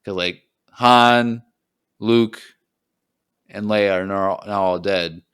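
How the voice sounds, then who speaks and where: Young male podcast co-host, smooth low voice, loose rambling chat. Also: slow pace, a bit bright. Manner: rambling, acts out quotes with a jump in pitch. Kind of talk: casual chat.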